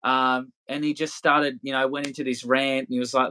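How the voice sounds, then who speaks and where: A man's voice: mid-range voice, level tone, moderate pace, hardly any pauses, bright, forceful tone. A man in his thirties, a podcast guest telling stories in a loose, rambling way, swearing freely and laughing often. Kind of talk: casual storytelling interview.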